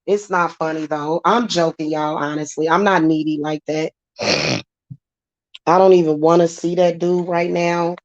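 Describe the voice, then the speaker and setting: Woman on a livestream, aave, blunt and laughy, lowish voice, kinda dull sound. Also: steady tone, a little slow, no room sound. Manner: blunt, laughs often, talks back to chat. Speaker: livestream host. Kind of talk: casual livestream chat.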